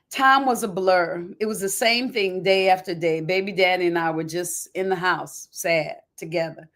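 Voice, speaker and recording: A woman reading aloud from her own memoir, emotional and expressive, shifting from hushed to loud and talking to listeners in folksy asides. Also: fairly low pitch, moderate pace. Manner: emotional, dramatic swings from quiet to loud.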